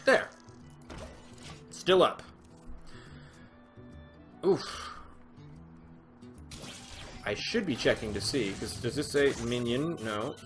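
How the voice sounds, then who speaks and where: Rambling, excitable man narrating gameplay. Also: medium pitch, drawn-out words, long pauses, over music. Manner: chatty and rambling, with sudden excited exclamations. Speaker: gaming channel host. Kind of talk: casual commentary while playing a card game. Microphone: desk microphone with webcam.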